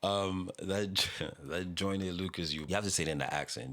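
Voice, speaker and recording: Man, extremely low voice, laid-back rambling reaction talk, swears casually. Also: moderate pace, a bit bright. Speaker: reaction video host.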